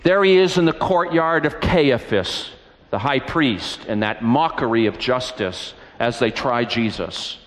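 A man's voice: mid-range voice, a little slow, a bit bright. A man preaching a sermon, retelling scripture with earnest, emphatic storytelling. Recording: reverberant hall.

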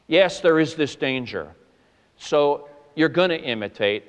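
A man preaching a sermon, earnest and emphatic, with stressed words that rise in pitch. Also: lively intonation, measured pace, clean tone, big-room sound. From Boston. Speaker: pastor.

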